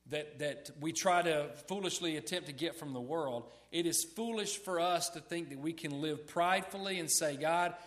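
A man delivering a sermon at an average pitch. He speaks conversationally, restarts his phrases and puts questions to the congregation. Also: a bit bright. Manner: conversational preaching, repeats words, asks the audience questions. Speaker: preacher.

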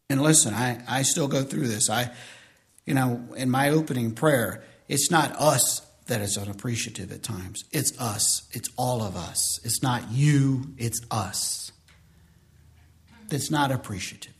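A bright, fairly high-pitched male preacher delivers a sermon with big dynamic swings. He acts out whiny complaints loudly, then slows right down to a soft, deliberate hush for emphasis. Middle-aged, with the cadence of a pulpit. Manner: preaching with sudden shouts and acted complaints; drops to slow, quiet emphasis. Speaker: pastor.

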